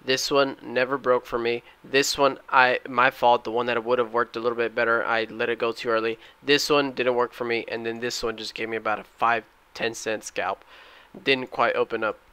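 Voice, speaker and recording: A man's voice: mid-range voice, moderate pace, clear, resonant tone, no echo. A young man recapping his day trades over screen recordings, talking casually and getting worked up when a trade fails. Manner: excitable, shouts at the chart when trades fail. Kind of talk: trading recap with screen commentary.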